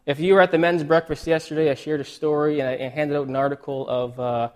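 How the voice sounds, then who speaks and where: A male pastor giving a sermon, emotional and choked up, halting with many restarts and fillers. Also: fairly high pitch, fairly even intonation.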